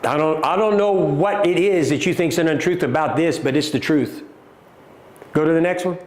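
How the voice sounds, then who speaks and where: A middle-aged man with a Southern American drawl hosts a livestream, firing back at viewer comments with emphatic, repeated points and calling his audience folks. His voice sits a little high for a man. The room around him rings with echo. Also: normal speed, slight background noise. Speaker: company CEO hosting a livestream. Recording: echoey room.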